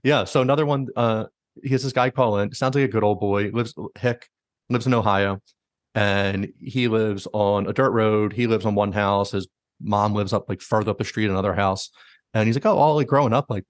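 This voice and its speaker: A man with a lowish voice tells a story at a rapid clip, stuffing it with likes and quick quoted asides. He sounds relaxed and chatty, as a podcast host does. The sound is close and dry, with no room echo. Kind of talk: casual storytelling.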